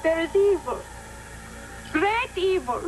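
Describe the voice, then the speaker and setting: An actress playing an entranced female fortune-teller with a put-on Hungarian-style accent, wailing and rising to shrieks over loud music in a TV clip. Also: extremely high pitch, expressive, takes it slowly, heavily acted, rough recording. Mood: terrified.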